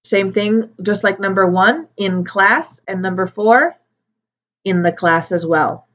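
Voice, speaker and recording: Woman ESL teacher, medium pitch, careful slow modelling, slightly dull recording. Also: fairly bright tone. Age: adult with a daughter. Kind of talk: recorded grammar lesson.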